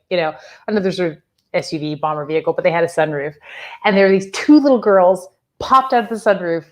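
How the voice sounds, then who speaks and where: Woman, spiritual teacher, slightly low voice, chatty storyteller who laughs a lot. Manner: chatty, laughing, lots of "like" and "you know".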